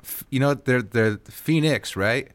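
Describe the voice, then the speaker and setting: A man's voice: medium pitch, a little slow. A man co-hosting a podcast, trading sarcastic, jokey banter about sports teams. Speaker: podcast co-host.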